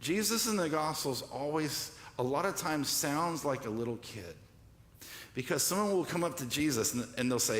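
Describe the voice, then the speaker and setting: A man's voice: expressive, normal speed, fairly bright tone. A man pastor preaching a sermon, drawing call-and-response from the congregation with repeated questions and acting out quoted voices. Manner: acts out quoted voices with shifts in pitch and pace. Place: church sanctuary. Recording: echoey church hall with long reverb.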